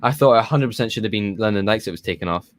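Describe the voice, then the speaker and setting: A man's voice: lowish voice, very fast. Chatty scottish guy watching the match, keeps second-guessing his own facts. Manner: chatty, thinks aloud and corrects himself. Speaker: co-host. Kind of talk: casual chat watching a football match.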